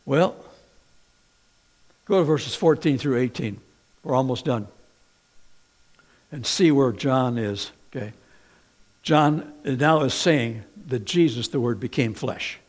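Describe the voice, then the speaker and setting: A man preaching a sermon, talking conversationally and telling personal stories, swinging between loud exhortation and soft, low asides. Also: slow, pauses often. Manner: conversational, personal storytelling with fillers. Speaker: pastor.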